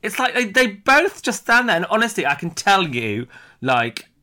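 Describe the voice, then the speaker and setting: Lively, bright-voiced man. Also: sits high, normal speed. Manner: animated, indignant, swears freely. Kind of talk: casual chat.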